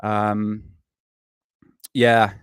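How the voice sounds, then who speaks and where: A man's voice: fairly low pitch, monotone, drawn-out words, smooth, dry recording, clean studio sound. A man hosting a casual live stream, rambling and swearing freely, worn out and burnt out, chatting to viewers. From United Kingdom.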